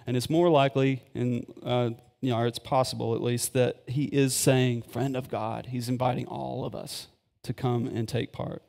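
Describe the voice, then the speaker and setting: A man's voice: mid-range voice, vocal fry, a little mellow. A man preaching casually at a live service, rambling with lots of fillers and eager asides. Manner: rambling, filler-heavy and enthusiastic. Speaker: pastor. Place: church sanctuary. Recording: long church-hall reverb.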